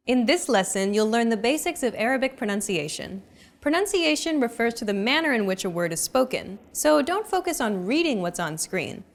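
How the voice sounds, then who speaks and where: A woman hosting a scripted language lesson, explaining clearly and evenly. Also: on the high side, big pitch swings, brisk. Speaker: lesson host.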